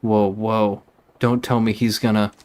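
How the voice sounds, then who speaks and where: A man's voice: fairly low pitch, level tone, measured pace, darkish tone. A man giving casual, wry commentary while playing a video game. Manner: wry, joking asides. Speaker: let's play gamer.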